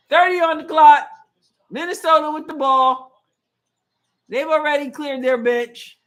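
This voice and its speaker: A woman's voice: sits high, fairly even intonation, unhurried, long pauses, fairly bright tone. A woman hosting a live game watch-along, chatting opinionatedly, calling plays and reading viewer comments aloud. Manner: play-by-play asides. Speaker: show host.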